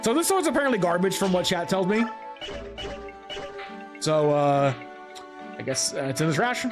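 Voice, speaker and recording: A man streaming a video game, rambling and joking with chat in a loose, animated way. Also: high-pitched, normal speed, over music. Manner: animated, rambling, jokey, laughs often. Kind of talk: live gaming commentary.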